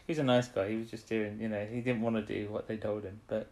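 A man recapping a TV episode in a loose, chatty way. He talks quickly and rambles, with many fillers and restarts, and he laughs easily. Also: lowish voice, flat delivery, darkish tone. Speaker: podcast co-host. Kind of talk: casual chat recapping a TV episode.

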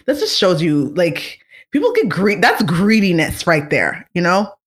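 A vlogger chatting casually and excitedly to the audience, rambling with lots of fillers and sudden gushing. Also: medium pitch, slow. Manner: excitable, rambling, animated fan. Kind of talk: casual fan chat to camera.

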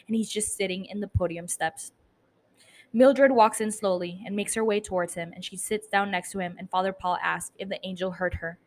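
Chatty, swearing woman podcast host. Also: medium pitch. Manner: chatty, swears casually, laughs at herself. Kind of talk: casual episode recap.

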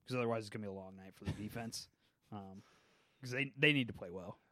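A man co-hosting a podcast in casual chat, earnest, talking in quick bursts with lots of fillers. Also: on the low side, sharp tone, no echo, studio quality. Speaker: podcast co-host.

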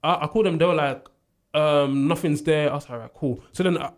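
Fast-talking young man. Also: a little high. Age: young adult. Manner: animated storyteller who acts out quotes and laughs often. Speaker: university student. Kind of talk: casual storytelling chat.

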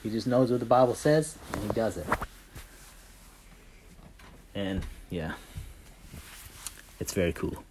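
A man leading a casual Bible study, telling stories in an animated way and filling his talk with "like" and "right?". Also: on the low side, slow pace, long pauses, noisy background. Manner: animated storyteller, heavy on fillers like "like" and "right?". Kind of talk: casual faith chat.

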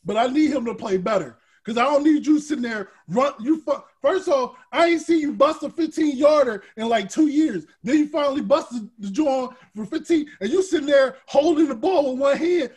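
A man's voice: normal speed, hardly any pauses. Fired-up man ranting about football. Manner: animated, swings from shouting to low grumbling. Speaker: podcast host. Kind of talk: heated sports talk.

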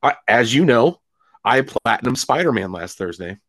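A man's voice: medium pitch, animated, a bit bright, dry recording. A man in his late thirties co-hosting a podcast, telling stories eagerly in casual gamer talk. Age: late 30s. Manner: quick, eager storytelling with laughs and gamer slang. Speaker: podcast co-host. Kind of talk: casual chat.

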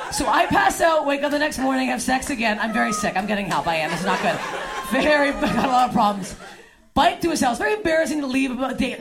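Woman, stand-up comic, brash crude storytelling, a bit high-pitched, live club crowd laughing. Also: expressive. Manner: brash, crude storytelling with quick asides to the audience. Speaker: stand-up comedian. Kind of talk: stand-up comedy set. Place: comedy club stage before a laughing crowd.

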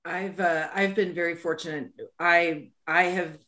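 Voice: medium pitch, steady tone, measured pace, pushed and bright. A podcast co-host in casual conversation, speaking earnestly and reassuringly, repeating words for emphasis. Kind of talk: casual chat.

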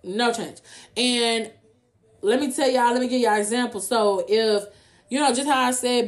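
A woman's voice: a little high, normal speed. A young adult woman, talking casually to her viewers. She speaks bluntly, swears freely and keeps asking "you know what I'm saying". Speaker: vlogger. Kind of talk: casual free talk to viewers.

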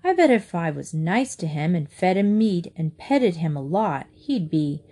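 A woman's voice: lowish voice, very animated, measured pace, warm tone. A woman voicing a small, imaginative, dawdling boy who whines and protests dramatically. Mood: whiny, dreamy. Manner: whiny and dramatic.

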